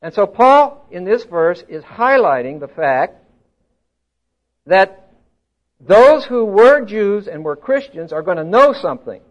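Older male preacher, high-pitched, teacherly and emphatic, slightly muffled recording. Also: big pitch swings, slow. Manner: teacherly, asks the congregation questions, stresses words emphatically. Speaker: pastor. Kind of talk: expository sermon. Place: church hall before a congregation.

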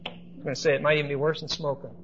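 Conversational pastor on a lo-fi tape. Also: male voice, on the high side, little pitch movement, racing, background noise. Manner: conversational storytelling with asides to the congregation. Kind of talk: sermon.

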